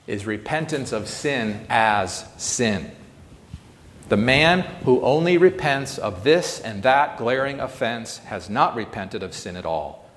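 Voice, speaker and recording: A man's voice: mid-range voice, in a large hall. A man delivering a sermon in an earnest, solemn way, rising to emphatic swells. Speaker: preacher. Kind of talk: sermon reading.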